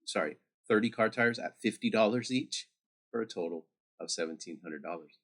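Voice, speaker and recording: A man's voice: fairly low pitch, moderate pace, fairly bright tone. A man teaching math over a screen recording, chatty and talking straight to his students with little asides.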